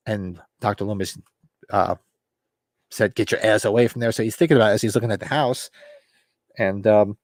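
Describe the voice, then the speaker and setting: A man's voice: lowish voice, darkish tone, no room sound, studio quality. Rambling man recapping a novel. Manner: rambling, loose retelling with fillers and acted quotes. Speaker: podcast host. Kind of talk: casual book club recap.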